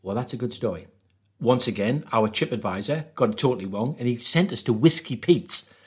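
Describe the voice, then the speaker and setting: A man's voice: mid-range voice, fairly quick. A man from northeast England with a Geordie accent, telling travel stories as a podcast guest and laughing often. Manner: animated, laughs often, acts out quotes. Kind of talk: casual storytelling.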